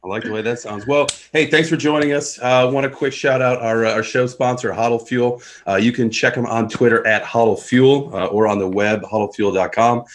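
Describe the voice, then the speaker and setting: A man's voice: medium pitch, fairly even intonation, moderate pace, few pauses, a little hiss or hum. A man co-hosting a casual podcast chat in a laid-back, friendly way. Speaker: podcast co-host.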